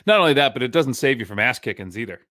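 A man's voice: mid-range voice, animated, very fast, bright, forceful tone, no room sound, clean studio sound. A man co-hosting a podcast in casual chat, agreeable and chatty, leaning on "like" a lot.

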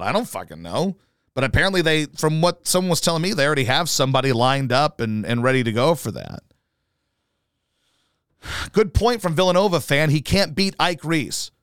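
Male podcaster, blunt and foul-mouthed, lively swinging pitch, smooth voice, dry close sound. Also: no room sound. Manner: profane, combative, rambling. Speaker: podcast host. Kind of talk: ranting solo podcast.

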